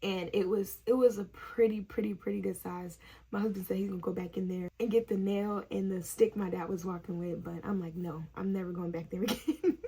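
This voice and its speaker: A young woman tells a personal story to her viewers in a loose, chatty way. Her voice is gravelly with a husky edge, and she sits at a middle pitch for a woman. She laughs often and scatters "like" through her sentences. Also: fairly even intonation, a little fast, dark tone. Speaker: vlogger, nursing student. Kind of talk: casual story-time chat.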